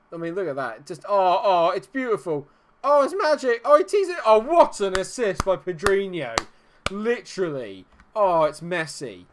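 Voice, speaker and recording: A man commentating live on his football management game, chatty and reacting loudly to the plays. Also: on the low side, slight background noise.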